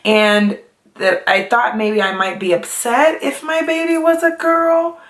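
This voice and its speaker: A woman's voice: fairly high pitch, level tone, measured pace, fairly bright tone. A young adult woman chatting casually to camera as a vlogger, full of fillers and laughs. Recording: echoey room.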